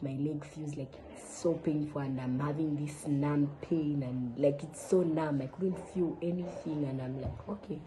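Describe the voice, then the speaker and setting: A woman's voice: deep voice, warm tone, a little hiss or hum, rough recording. A young woman from Zambia casually telling viewers a personal story, chatty and full of fillers. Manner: chatty, addresses viewers as guys, many fillers. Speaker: vlogger sharing a testimony.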